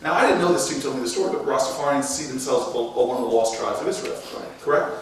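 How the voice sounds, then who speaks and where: Animated storytelling man in echoey hall. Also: medium pitch, fast. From United States. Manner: animated, acts out quotes by shouting. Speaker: mayor and speaker. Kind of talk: storytelling talk on stage. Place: large lecture hall. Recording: echoey hall from far off, noisy.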